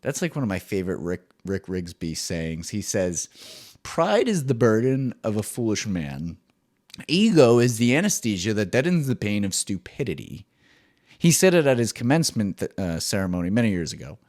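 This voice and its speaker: A young man hosting a comedic solo podcast, ranting with swearing and swinging between loud bursts and muttered asides. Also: on the low side, sing-song, normal speed. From New Jersey. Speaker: podcast host.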